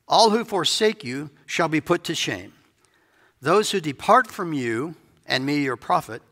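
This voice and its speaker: A man's voice: a little high, sharp tone. A male pastor giving a conversational sermon, musing aloud with playful asides. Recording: reverberant hall.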